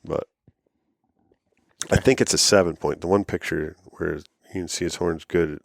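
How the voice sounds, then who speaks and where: A man from Michigan chatting casually about hunting, often pausing and restarting his sentences. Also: low voice, steady tone, gravelly, dry recording, clean studio sound. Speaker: podcast co-host.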